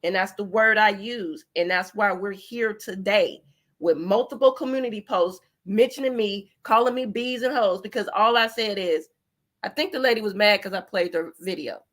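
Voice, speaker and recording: A woman's voice: medium pitch, moderate pace, a bit bright. A woman hosting a livestream, ranting bluntly and profanely in a rambling way. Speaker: host. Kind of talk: heated livestream commentary.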